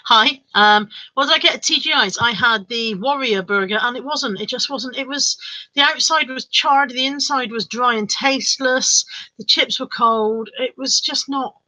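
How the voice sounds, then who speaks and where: A woman's voice: fairly high pitch, moderate pace, sharp tone, rough recording. A woman chatting casually on a livestream, reading out viewers' comments and joking around. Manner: chatty, jokey, laughs often. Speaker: livestream host.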